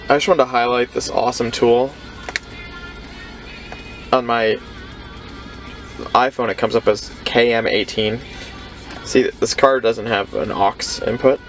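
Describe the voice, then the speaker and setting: A man's voice: medium pitch, a little slow, long pauses. A man vlogging from inside a car, talking casually in a dry, self-mocking, offhand way. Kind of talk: casual vlog talk. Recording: music playing behind the voice. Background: music playing in the car.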